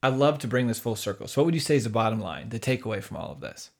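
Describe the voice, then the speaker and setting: A man with a medium-pitched voice hosts a podcast about faith. He sounds friendly and enthusiastic. He often restarts his sentences mid-thought. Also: animated, rapid-fire, gravelly. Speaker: podcast host. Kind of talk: conversational discussion of faith.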